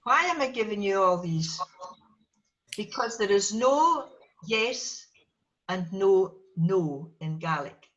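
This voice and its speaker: A woman's voice: medium pitch, lively intonation, slow, a bit bright, lo-fi sound. A woman teaching a small class, patiently repeating each word for students to echo. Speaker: Gaelic teacher. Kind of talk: language lesson with a small class.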